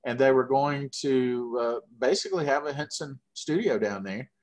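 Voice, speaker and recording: Southern guy, middle-aged, rambling chatty stories with lots of uhs, animated. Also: medium pitch, normal speed. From Georgia, US. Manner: rambling, animated anecdotes with frequent fillers. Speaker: guest puppeteer. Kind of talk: casual interview storytelling.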